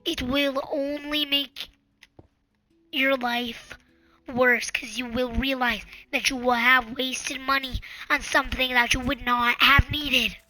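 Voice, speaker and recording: High, slow-talking earnest woman. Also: little pitch movement, sharp tone, soft background music. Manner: earnest, pleading, repetitive. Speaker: channel host. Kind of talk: casual advice monologue.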